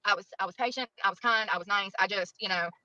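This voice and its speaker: A woman's voice: medium pitch, quick pace, sharp tone, no room sound. A middle-aged woman ranting to camera in a played clip, aggrieved and self-pitying. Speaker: clip subject. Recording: dull lo-fi clip.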